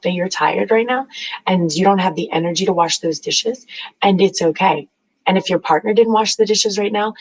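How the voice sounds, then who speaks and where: A woman with a medium-pitched voice runs a spiritual self-help channel, speaking casually and going over the same points again and again. Her chatty talk is sprinkled with "like" and tag questions such as "right?" The recording quality is poor.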